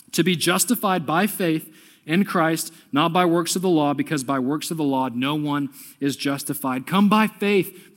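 A preacher delivering an urgent, exhorting sermon, repeating his appeals and swinging between soft and loud passages. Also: fairly high pitch. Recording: long hall reverb.

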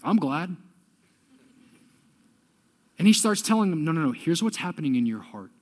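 A preacher delivering an urgent, exhorting sermon, repeating his appeals and swinging between soft and loud passages. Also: on the high side, big pitch swings, fast. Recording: long hall reverb.

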